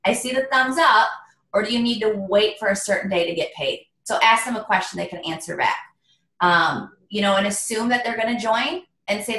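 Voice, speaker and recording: An upbeat woman coaching her team over a video call, her voice at an ordinary middle pitch. The sound is roomy and echoey, like a webcam mic in a bare room. She talks in an encouraging, motivational way. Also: vocal fry, bright, forceful tone. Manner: upbeat, motivational, addresses listeners as you guys. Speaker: direct sales team leader. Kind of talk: training call on video chat.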